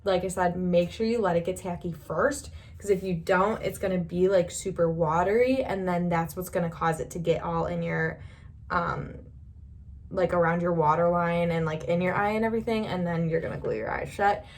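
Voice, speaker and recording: A woman's voice: on the low side, fairly even intonation, normal speed. A young woman talking through a makeup tutorial in a chatty, rambling, reassuring way, laughing often. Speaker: beauty vlogger.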